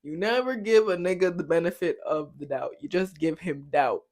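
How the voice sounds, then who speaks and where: A young woman hosting a podcast, telling a casual story in a lively, animated way, swearing and laughing often, her voice shooting up high when she is shocked. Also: moderate pace, hardly any pauses. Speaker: podcast host.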